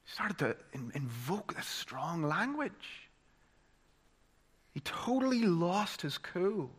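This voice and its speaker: A man with a Northern Irish accent delivers a sermon. His voice is bright and forward. He builds to loud, dramatic peaks and then drops to a hushed, solemn hush. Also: high voice, big pitch swings, takes it slowly, husky. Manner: dramatic, swinging from loud emphasis to hushed tones. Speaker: preacher.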